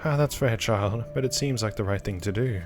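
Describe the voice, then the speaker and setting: A man voicing a gracious, enigmatic middle-aged woman in a slow, motherly old-lady voice while reading game dialogue aloud. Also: lowish voice, faint music behind, lightly acted. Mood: genteel.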